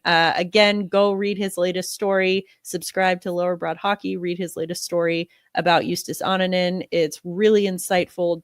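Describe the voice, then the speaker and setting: A woman's voice: fairly low pitch, no room sound, clean studio sound. A young woman hosting a casual sports podcast, sounding nasal from a cold and talking in a chatty way, with many fillers and restarts. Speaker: podcast host.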